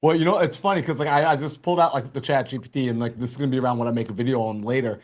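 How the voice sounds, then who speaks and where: A man's voice: mid-range voice, fairly even intonation, racing. A man chatting casually on a video call, with loose, filler-heavy talk. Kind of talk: casual chat.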